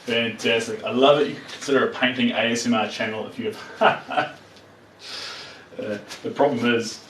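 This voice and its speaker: A man's voice: mid-range voice, fairly even intonation, moderate pace, a bit bright, reverberant, recorded from a distance, a little hiss or hum, low-quality recording. Chatty Kiwi man painting live. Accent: New Zealand. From New Zealand. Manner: chatty, playful, talks to viewers while working. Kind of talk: live-stream chat while painting.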